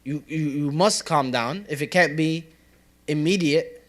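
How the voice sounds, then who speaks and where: In a community center classroom, a young religious teacher keeps his casual study circle interactive, asking questions, cracking jokes and laughing. His voice sits on the high side, and he speaks at a measured pace.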